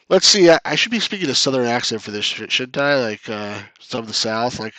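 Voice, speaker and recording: A man streams a retro strategy game in a chatty, joking way and talks straight to his viewers. His voice sits at an ordinary middle pitch. The sound is dry and close, with almost no room in it. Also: expressive, a little fast, hardly any pauses, sharp tone, dry recording. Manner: chatty, reads chat aloud, jokes at his own losses. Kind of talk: casual live-stream commentary.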